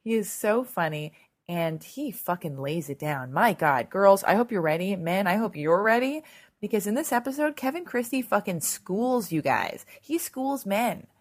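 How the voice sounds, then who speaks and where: A hoarse woman hosting her podcast, chatty and animated, swearing freely in a casual intro monologue. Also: mid-range voice, moderate pace. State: hoarse, lost voice. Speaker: podcast host. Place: Los Angeles.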